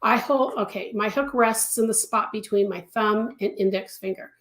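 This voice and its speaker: A chatty woman giving a live crochet lesson from her home studio, answering viewers and stacking words for emphasis. Her voice sits mid-range and carries a clear echo of the room around her. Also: medium pitch, moderate pace. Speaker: crochet teacher. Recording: echoey room.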